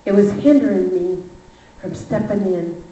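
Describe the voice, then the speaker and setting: A woman giving a lively, emphatic sermon testimony, telling a personal story in a church. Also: mid-range voice, measured pace. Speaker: speaker. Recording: far-off echoey church hall, muffled.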